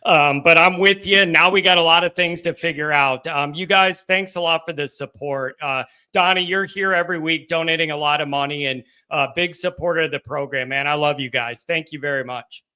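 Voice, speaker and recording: A man hosting a live call-in fan show, talking in a subdued, halting way with frequent restarts as he reads out donations. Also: on the high side, pushed and bright, smooth. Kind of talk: casual live-stream chat, reading donations.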